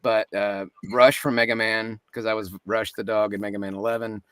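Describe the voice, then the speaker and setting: A man, a voice actor and impressionist, telling stories as an interview guest, animated and jumping into voices mid-story. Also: lowish voice, a little fast, clean tone.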